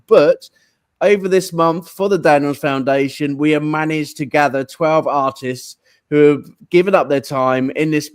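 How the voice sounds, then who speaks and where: An English man hosts a live online show. He is chatty and upbeat, with plenty of ums as he talks. His voice sits a little high. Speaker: host.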